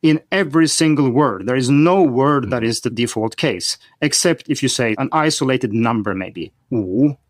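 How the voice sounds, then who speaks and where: A man speaks in a lively, mid-range voice at normal speed, hardly pausing, in a clean studio recording with no room sound. As a guest on a podcast, he draws on his expertise in learning Chinese to explain the topic methodically, in the style of a teacher.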